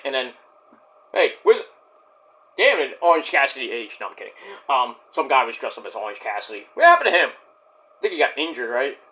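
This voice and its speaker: Watching a wrestling show, a man offers casual live commentary at a slightly fast pace in a mid-range voice. He gets excitable, curses, and imitates the wrestlers' promos.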